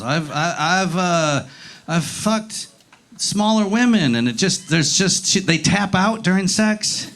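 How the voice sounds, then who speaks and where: A man's voice: high voice, animated, slow, fairly bright tone. A man doing a profane, rambling stand-up set on a comedy club stage, acting out voices as he goes.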